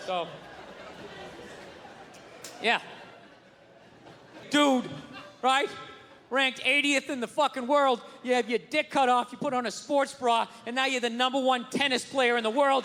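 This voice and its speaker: A man doing a stand-up routine, ranting and swearing, often shouting. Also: extremely high pitch, fairly even intonation, unhurried, vocal fry, pauses often, a faint crowd. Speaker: stand-up comedian. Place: large hall with a live audience. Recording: hall reverb, audience laughter and noise.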